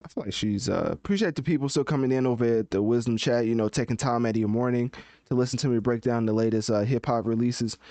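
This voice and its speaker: A man's voice: mid-range voice, fast, mellow, dry recording. A man hosting a casual live-stream podcast, chatting and thinking aloud as he looks things up. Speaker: podcast host.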